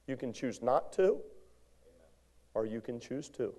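A male pastor preaching a sermon in a church, animated, moving from shouts to hushed lines and calling out to the congregation. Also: mid-range voice, measured pace, pauses often. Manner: call-and-response exhortation to congregation. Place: church sanctuary.

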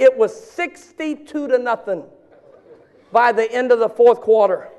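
Man, 50s, very high-pitched, animated preacher who shouts for emphasis. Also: moderate pace. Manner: animated, shouting bursts and joking asides. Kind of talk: sermon.

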